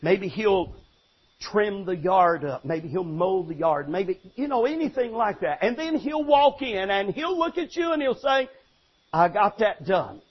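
An older man, a longtime pastor, preaching an animated sermon with emphatic restarts and sudden shouts. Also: high-pitched, a little slow, breathy edge, muffled recording.

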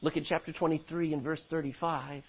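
A man preaching a sermon, animated, acting out voices from the scripture he reads. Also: fairly high pitch, brisk, husky. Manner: animated, acts out biblical voices. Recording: dull lo-fi recording.

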